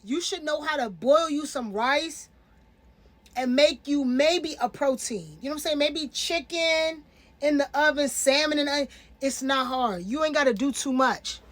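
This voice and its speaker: High-voiced woman in her twenties, emphatic. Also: normal speed. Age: 20s. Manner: animated, emphatic, slangy. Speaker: reality TV reviewer. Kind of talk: casual commentary.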